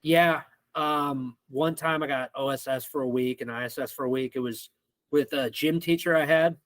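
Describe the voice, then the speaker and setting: A young man from Missouri telling a rowdy school story as a podcast guest, animated and swearing freely. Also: medium pitch, normal speed, no room sound. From Missouri, United States. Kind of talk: casual storytelling.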